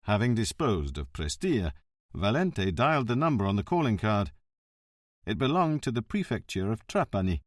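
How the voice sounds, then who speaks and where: A man narrating a crime novel audiobook in an expressive reading. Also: on the low side, moderate pace, no echo, clean studio sound. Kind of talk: scripted narration.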